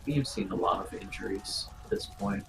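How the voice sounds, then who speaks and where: A man as game master, narrating a tabletop role-playing scene in a grave, unhurried second-person storytelling manner. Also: sits low, creaky, background noise.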